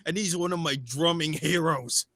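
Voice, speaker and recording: A man hosts a casual livestream chat in a slightly higher voice, gushing like an eager fan. He sounds keen and talkative. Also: normal speed, bright, forceful tone. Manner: enthusiastic fan talk. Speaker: livestream host. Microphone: livestream video call.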